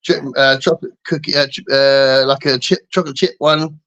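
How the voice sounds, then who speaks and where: A man's voice: mid-range voice, fairly even intonation, fairly quick, fairly bright tone, smooth, lo-fi sound. A middle-aged English man chatting casually on a live stream, rambling and self-mocking, often laughing. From England. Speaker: guest co-host.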